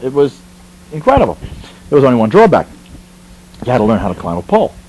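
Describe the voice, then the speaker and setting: A man from the Bronx, New York, talks fast at medium pitch in a slightly rough voice, the audio poor. He tells a comic story about his army training in an animated, chatty way, full of asides and restarts.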